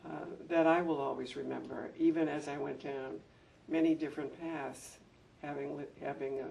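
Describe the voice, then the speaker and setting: An older man recalls his years running a school, telling heartfelt stories that turn animated when he acts out an anecdote. His voice is gravelly and sits a bit high. He is recorded from a distance, with a faint hum in the background. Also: normal speed. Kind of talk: reminiscing talk at a public event. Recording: distant mic with faint room noise.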